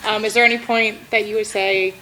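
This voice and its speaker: A woman's voice: medium pitch, flat delivery, brisk, bright, forceful tone, a little hiss or hum, poor audio. A woman in the audience asking the panel a question in a hesitant way. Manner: hesitant, laughs at the end.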